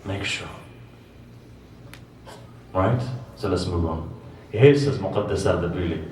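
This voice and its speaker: A man giving a religious sermon to a gathering, telling stories with animated swings between loud emphasis and quiet asides. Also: sits low, a little slow, long pauses. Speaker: religious lecturer. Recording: echoey hall, distant mic, faint background noise.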